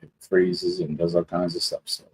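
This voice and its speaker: A man's voice: low voice, flat delivery, normal speed, a little mellow, slightly rough, low-quality recording. A man hosting a casual live stream, greeting viewers one by one in a rambling, chatty way. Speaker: livestream host.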